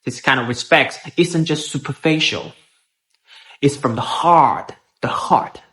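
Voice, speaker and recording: A man's voice: fairly high pitch, unhurried, sharp tone. Earnest man preaching respect. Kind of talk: earnest speech to followers.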